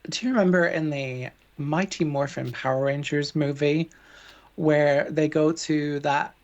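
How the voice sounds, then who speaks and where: A man co-hosting a podcast in casual chat, calm and agreeable as he explains his thoughts. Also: a little high, measured pace. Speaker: podcast co-host. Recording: dull lo-fi sound.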